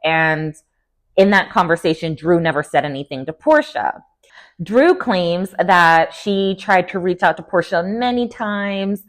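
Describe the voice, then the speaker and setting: A young woman casually recapping a reality show in a chatty, gossipy way, often slipping into quick playful quotes. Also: on the low side, expressive. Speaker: TV recap vlogger.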